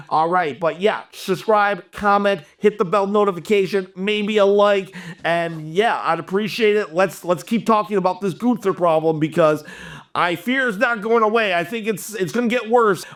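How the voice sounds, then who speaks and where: High-pitched young guy ranting about wrestling, fired up and exasperated. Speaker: wrestling channel host. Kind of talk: opinion rant to camera.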